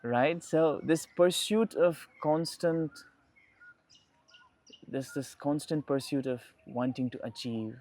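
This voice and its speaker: A man's voice: a little high, slow, darkish tone. Reflective young man musing aloud. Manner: reflective, restarts and repeats phrases. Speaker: podcast guest. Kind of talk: casual conversation.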